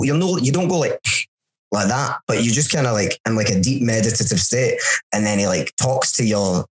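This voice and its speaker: A young Scottish man co-hosting a podcast, telling stories with sweary, animated banter. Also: fairly low pitch, quick pace, rough recording. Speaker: podcast co-host. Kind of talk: casual chat.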